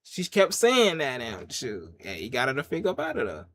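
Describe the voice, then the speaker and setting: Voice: medium pitch, huge pitch swings, normal speed, a bit bright, slight background noise. A show reviewer casually retelling a scene in slangy talk, laughing often and acting out quotes.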